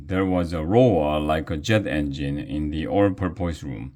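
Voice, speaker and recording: A man's voice: a bass voice, measured pace, warm tone. A man reading a children's story aloud in a playful way, giving each character a voice. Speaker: reader of a children's book.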